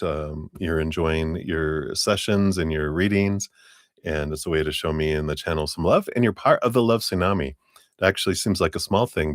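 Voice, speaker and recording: A man's voice: deep voice, dry recording, studio quality. A man hosting a live tarot reading stream, greeting viewers by name in a friendly, casual way and chuckling often.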